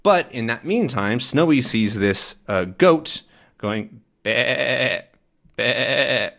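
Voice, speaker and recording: A man with a middle-pitched voice walks learners through a comic panel by panel. He sounds relaxed and chatty, pausing on fillers as he explains words in simple terms. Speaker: English teacher.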